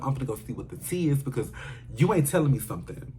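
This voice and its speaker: A man telling a personal story in a casual storytime vlog, animated and dramatic, with slangy asides to his viewers. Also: medium pitch, fast, slight background noise.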